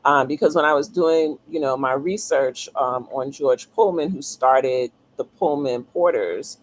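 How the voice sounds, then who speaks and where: A woman author being interviewed, talking thoughtfully with frequent pauses, ums and restarts. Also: rumbling low, a little hiss or hum, poor audio. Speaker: author guest. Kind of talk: casual interview talk.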